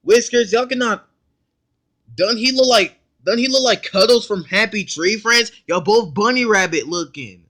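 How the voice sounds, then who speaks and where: A man hosting a casual reaction video, excitable and blunt, talking in slang straight to his viewers and cutting in often to comment. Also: high voice, normal speed. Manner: excitable, blunt and profane, keeps interrupting with "hold up".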